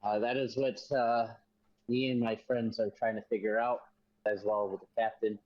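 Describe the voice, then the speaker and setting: A man playing in a tabletop game, speaking in a hesitant, halting way. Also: on the low side, little pitch movement, no room sound, dull audio. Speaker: player. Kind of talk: casual tabletop game play.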